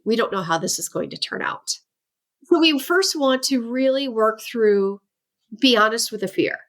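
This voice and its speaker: Lively woman guest with a higher voice. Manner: lively, laughs often, acts out quoted voices. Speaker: guest expert, ADHD coach. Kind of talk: animated interview talk.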